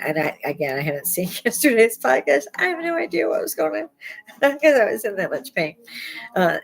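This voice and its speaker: Older woman, low voice, rambling casual monologue, blunt, faint music behind. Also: gravelly, low-quality recording. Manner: chatty, laughs often, blunt and profane. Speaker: podcast host.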